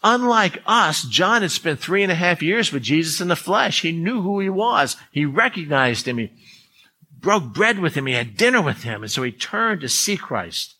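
Male pastor, fairly high bright voice, earnest emphatic sermon delivery with frequent restarts. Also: big pitch swings, moderate pace, slight background noise.

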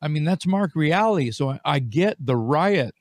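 A man's voice: on the high side, animated, normal speed, no echo. Guy cohosting, gets all fired up and cusses, dry close sound. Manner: enthusiastic, swears freely. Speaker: co-host. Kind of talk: casual interview chat.

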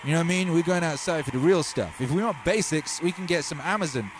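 An English man in his thirties hosting a casual livestream, talking in slang, reading out chat messages and telling stories with lively energy. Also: on the high side, fast, noisy background. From England. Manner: animated, slangy, reads chat aloud. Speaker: livestream host.

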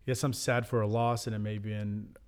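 A man's voice: on the low side, little pitch movement, fairly quick, clean tone. A man who works in ministry co-hosting a faith podcast, sharing reflections in a conversational way.

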